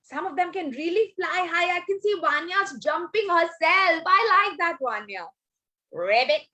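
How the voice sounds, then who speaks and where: Lively high-voiced woman telling children a story. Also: moderate pace. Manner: animated, coaxing, asks children questions. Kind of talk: online storytelling workshop. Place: home, on a video call. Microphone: video call.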